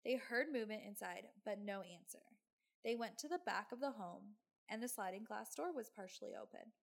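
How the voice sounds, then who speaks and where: Creaky-voiced woman telling a true crime story. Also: mid-range voice, lively intonation, brisk. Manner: casual, swearing, sarcastic asides. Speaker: podcast host.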